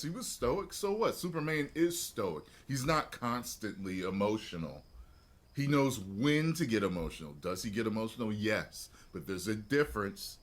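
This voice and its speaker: A man giving a casual opinion monologue, animated and full of repeated fillers. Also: fairly low pitch. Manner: animated, repeats "you know what I'm saying". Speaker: commentator in a played clip.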